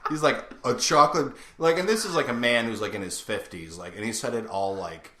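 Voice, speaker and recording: A man's voice: mid-range voice, a little fast, sharp tone. A young man co-hosting a casual podcast, telling rambling stories full of filler words. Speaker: podcast co-host. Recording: roomy echo.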